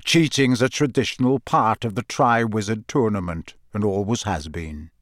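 A man voicing a gruff, grizzled old wizard, blunt and suspicious, with a growling delivery. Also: fairly low pitch, moderate pace, dry recording, studio quality, natural voice.

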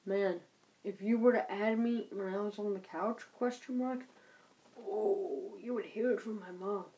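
A woman's voice: medium pitch, steady tone, a little slow, warm tone, a little hiss or hum, poor audio. A woman angrily dictating a profane message aloud, speaking each punctuation mark as she goes. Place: bedroom at night.

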